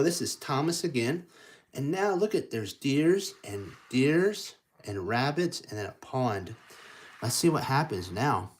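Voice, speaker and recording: A man reading a picture book aloud to children in an encouraging way, making train sounds and dropping to whispers. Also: medium pitch. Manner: encouraging, lively, drops to whispers and chugging sounds. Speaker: storytime reader.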